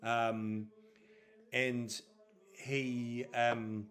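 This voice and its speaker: A man's voice: medium pitch, a little slow. A man narrating a tabletop role-playing game as game master, hesitant and full of ums.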